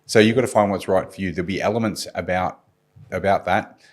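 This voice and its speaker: A man's voice: low voice, steady tone, quick pace. A man speaking as a guest expert on a podcast panel, explaining communication with a confident coaching manner. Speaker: guest security and communication specialist.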